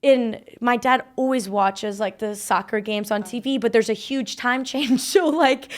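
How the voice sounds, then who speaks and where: A woman's voice: fairly high pitch, unhurried. A young woman hosting a casual podcast chat, telling stories in a chatty way, full of "like". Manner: chatty storytelling, frequent filler "like". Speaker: podcast host.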